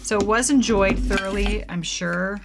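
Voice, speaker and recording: Woman, mid-pitched voice, giggly, rambling, self-deprecating, casual home vlog chat. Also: normal speed, gravelly, music in the background. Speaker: home cocktail vlogger.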